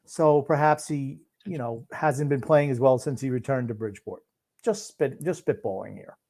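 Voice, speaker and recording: A man co-hosting a sports podcast and reacting to a live game in casual chat, dry and gruff, with long pauses between thoughts. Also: medium pitch, dark tone. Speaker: podcast co-host. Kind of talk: casual sports commentary while watching a game.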